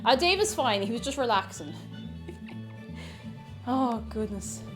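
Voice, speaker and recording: A woman's voice: fairly high pitch, animated, unhurried. A young woman hosting a live baking stream in her home kitchen. She chats casually, reads viewers' messages aloud and hums while she works. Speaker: livestream host baking. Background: background music.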